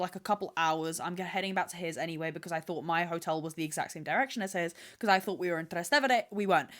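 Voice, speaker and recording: Talking straight to a camera with a built-in mic, a young woman hosts a podcast and tells stories in a rambling, dramatic, profane monologue. Her voice is mid-range and fairly bright.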